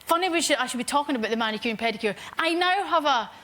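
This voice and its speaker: A woman's voice: high-pitched, lively intonation, racing, pushed and bright. A woman, chatting in a rambling, self-mocking way as a talk show guest. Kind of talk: casual chat.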